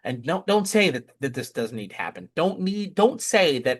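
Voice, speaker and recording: A man's voice: a little high, sing-song, normal speed, hardly any pauses, fairly bright tone. A man giving impassioned scripture commentary, emphatic and repeating rhetorical questions. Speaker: scripture teacher.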